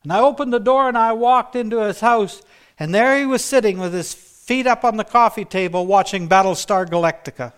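High-voiced man preaching his testimony. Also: fairly quick, a bit bright, clean tone. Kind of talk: sermon testimony.

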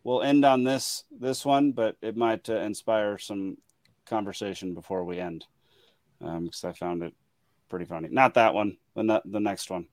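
Alone at home with his dogs, a man hosts a casual late-night podcast, laughing often and trailing off with ums. His voice is fairly low and a little mellow at a moderate pace, captured in a dry, clean studio sound.

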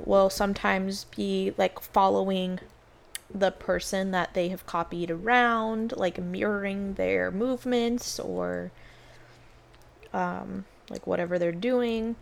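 A woman's voice: medium pitch, creaky. A young woman co-hosting a casual podcast at home, blunt and sweary, full of laughing banter. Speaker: podcast co-host. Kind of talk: casual chat. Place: home, kids and dogs around.

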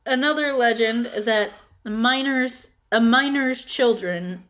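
A woman's voice: on the high side, slow pace, fairly bright tone. A woman from the northern United States hosting a casual podcast, chatty and giggly as she retells legends. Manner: chatty, giggly, trails off with fillers. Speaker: podcast host.

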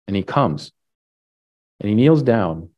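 Guy preaching, kinda low voice, chatty storytelling with lots of likes. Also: animated, takes it slowly, highs cut off. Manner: casual, filler-heavy retelling with frequent "like" and "right?". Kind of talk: storytelling sermon.

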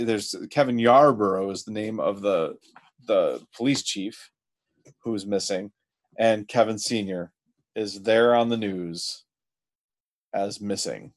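A man hosting a casual podcast, retelling a show's plot step by step with halting restarts. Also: on the low side. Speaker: podcast host. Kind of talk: casual episode recap chat.

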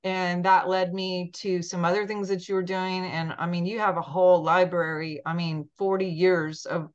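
A woman's voice: lowish voice, flat delivery, normal speed. A woman hosting a podcast in casual chat, gushing and chatty with many ums, talking over a video call. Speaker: podcast host. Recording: dull lo-fi sound.

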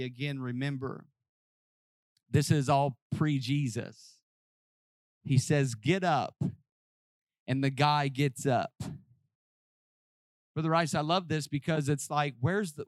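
A man preaching a sermon, acting out Bible scenes in voices and swinging from hushed, close talk to shouting. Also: medium pitch, a little slow, pauses often, no echo. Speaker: pastor. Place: church hall with congregation.

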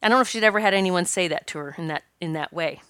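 A woman hosting a podcast, telling a personal story in an animated, chatty way and talking straight to her listeners. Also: fairly low pitch, rapid-fire, clear, resonant tone, no room sound, studio quality. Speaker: podcast host.

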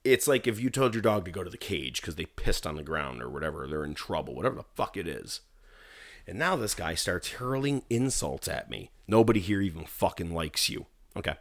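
Guy with a lowish voice telling a wild gig story, swearing a lot, pitch jumps all over. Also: brisk. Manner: animated, profane, acts out quotes. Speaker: guest musician telling a story. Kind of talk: casual storytelling chat.

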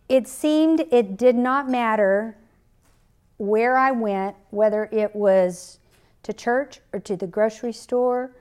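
A middle-aged woman hosts a faith-based podcast, earnestly sharing a personal story and quoting scripture. Her voice sits a little high and carries a darkish tone.

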